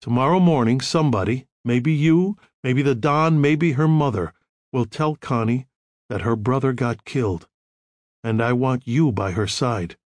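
A man voicing a calm, controlled counselor who gives quiet, measured instructions. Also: medium pitch, no room sound, lightly acted. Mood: firm.

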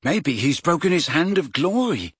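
A man voicing a teenage boy who is easily baffled, with incredulous, sharply rising speech and a husky, dry sound. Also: very animated, normal speed, no echo. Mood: vague. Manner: incredulous, jumps high in pitch.

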